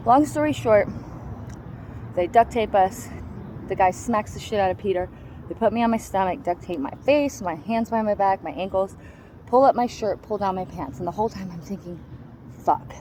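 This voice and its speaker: A woman's voice: medium pitch, lively intonation, moderate pace, a little mellow, a little hiss or hum, rough recording. A woman giving a raw, personal account of surviving an attack, in a blunt and heavily profane way. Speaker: survivor telling her story.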